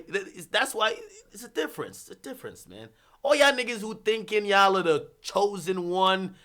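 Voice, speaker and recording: A man with a high voice hosts a livestream, ranting about hip-hop in a casual, animated, profane way punctuated by bursts of laughter.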